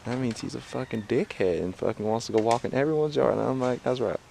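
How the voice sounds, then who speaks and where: A man's voice: medium pitch, lively intonation, fast, creaky, a little mellow, a little hiss or hum. A young man talking casually and profanely to the camera outdoors, rambling with lots of fillers. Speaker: martial arts tricking vlogger.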